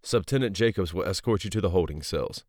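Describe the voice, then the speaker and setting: A man voicing a gruff gate guard who speaks in a curt, unimpressed way, in a story reading. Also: low-pitched, lively intonation, a little fast, a little mellow, dry recording, studio quality.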